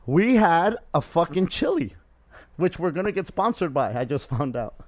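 A man's voice: on the high side, moderate pace. A man hosting a podcast, telling a story in casual chat, swearing constantly and acting out what people said. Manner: profane, animated storyteller, acts out quotes. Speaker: podcast host.

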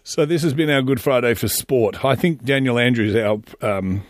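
A man's voice: mid-range voice, normal speed, no echo, clean studio sound. A man hosting a podcast on his own, making crude, jokey asides. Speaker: podcast host. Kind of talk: solo podcast monologue.

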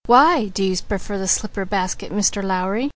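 A woman's voice: medium pitch, moderate pace, close to an everyday voice. A woman reading the lines of a persistent older father in an audiobook, asking questions. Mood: probing. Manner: probing, persistent. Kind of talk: audiobook character voice.

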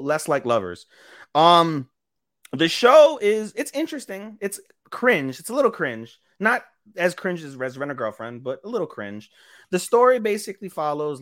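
A podcast co-host retelling an anime episode in casual chat, crude and rambling, with plenty of swearing. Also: mid-range voice. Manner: crude, profane, rambling storyteller.

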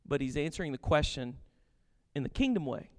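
A man preaching a sermon, animated, switching between quiet asides and loud acted-out quotes. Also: on the high side, brisk, in a large hall. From grew up on a farm. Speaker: pastor.

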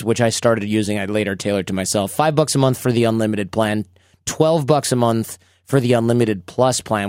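A man's voice: medium pitch, a little mellow, no room sound, studio quality. A man hosting a podcast, chatting casually and telling stories animatedly. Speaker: podcast host.

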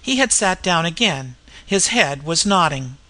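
A narrator reading a first-person ghost story in a measured, tense way. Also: medium pitch, expressive, pushed and bright. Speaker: audiobook narrator.

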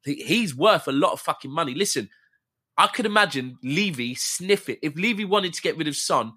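A man's voice: a little high, expressive, moderate pace, pushed and bright, husky. A young man, chatting casually about his football team. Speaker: football podcast co-host. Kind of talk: casual chat.

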